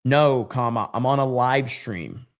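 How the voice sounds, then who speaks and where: A man's voice: medium pitch, measured pace. A man hosting a livestream, chatting casually and reading out viewer comments in a loose, profane, rambling way. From United States. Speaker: livestream host.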